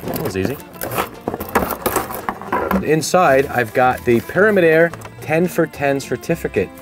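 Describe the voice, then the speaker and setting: A man's voice: fairly high pitch, expressive, unhurried, over music. A man hosting a product review, talking casually and upbeat as he explains each step of a demonstration outdoors.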